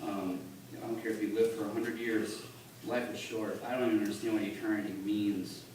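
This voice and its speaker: A man giving a halting, earnest personal testimony at church, recorded on a phone from the congregation. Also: fairly low pitch, level tone, darkish tone. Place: church sanctuary. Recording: echoey church on a distant phone, noisy.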